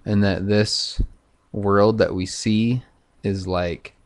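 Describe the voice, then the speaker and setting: A man talking in a loose, profane, halting monologue full of fillers, vlogging to camera. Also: fairly low pitch, fairly even intonation. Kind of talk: casual rambling monologue.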